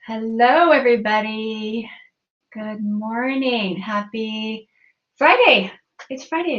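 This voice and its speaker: A woman's voice: mid-range voice, lo-fi sound. A woman hosting a live online training session, upbeat and chatty, often restarting her sentences as she explains. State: out of breath. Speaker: host. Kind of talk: live webinar presentation.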